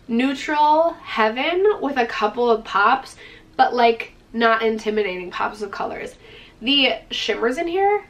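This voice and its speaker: A beauty vlogger with a slightly high, fairly bright voice gushes through a makeup palette review, enthusiastic and full of "like" and "freaking." She sounds out of breath with a dry throat, and sitting back from the mic makes her a bit distant.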